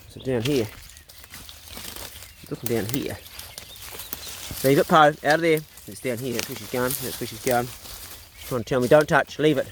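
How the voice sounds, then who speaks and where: A man's voice: mid-range voice, normal speed, pauses often, background noise. A man chatting offhand about his dogs as he walks them on a farm, filmed on a handheld phone outdoors. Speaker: farm vlogger. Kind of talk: casual narration while walking.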